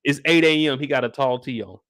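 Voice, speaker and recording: A young man giving a casual live recap of a TV episode, talking in animated, slangy, profane banter. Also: mid-range voice, brisk, smooth, no echo, studio quality. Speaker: show recap host.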